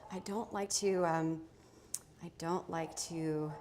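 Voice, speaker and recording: Woman livestream fashion host, unhurried, chatty, faint room hiss, small home studio. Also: low-pitched, fairly even intonation, darkish tone. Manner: chatty, self-interrupting, talks to viewers. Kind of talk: casual live try-on chat.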